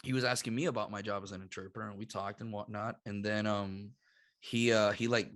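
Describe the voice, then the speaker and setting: A bright, forceful man from Puerto Rico telling a story as a podcast guest. He talks in an animated way, swears freely and acts out what others said, with a dry, close sound. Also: on the low side, brisk, dry recording. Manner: animated, swearing, laughing often, acts out quotes. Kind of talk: casual storytelling.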